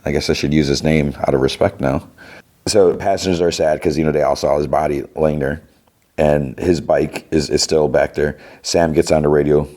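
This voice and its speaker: A man hosting a podcast, casually retelling TV scenes in a rambling, halting way. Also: extremely low pitch, steady tone, mellow. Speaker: podcast host. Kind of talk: casual TV episode recap.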